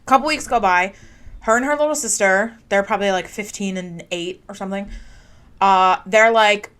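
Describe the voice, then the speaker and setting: A woman's voice: mid-range voice, normal speed, fairly bright tone, clean tone. A woman co-hosting a podcast, retelling a true crime story in a chatty way, with lots of "like". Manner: chatty storytelling, heavy use of "like". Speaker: podcast co-host.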